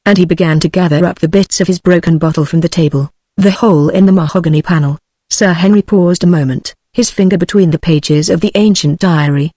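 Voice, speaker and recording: A text-to-speech narrator reading a detective story in an even, mechanical way. The pitch sits mid-range and the sound is dry and close, with no room around it. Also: fairly quick, no room sound. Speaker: audiobook narrator.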